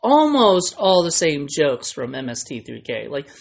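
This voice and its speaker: A man's voice: fairly high pitch, huge pitch swings, measured pace, vocal fry. A man hosting a podcast, chatting casually and telling a story in a rambling way with lots of fillers. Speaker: podcast host. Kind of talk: casual chat.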